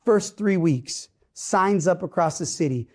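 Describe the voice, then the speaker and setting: Emphatic man, high mellow voice. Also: lively intonation, unhurried. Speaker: mayoral candidate. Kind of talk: podcast interview.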